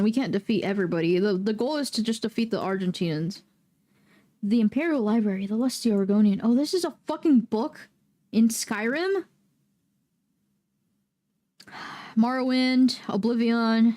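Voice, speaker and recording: A woman's voice: fairly high pitch, lively intonation, normal speed, a little mellow. Profane, rambling young woman streamer. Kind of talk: casual livestream chat.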